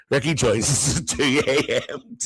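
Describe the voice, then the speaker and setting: A man's voice: medium pitch, fairly bright tone, slightly rough, poor audio. A man playing a gossipy, cheeky older auntie who hosts a live comedy stream, chatting and teasing the viewers and laughing between lines.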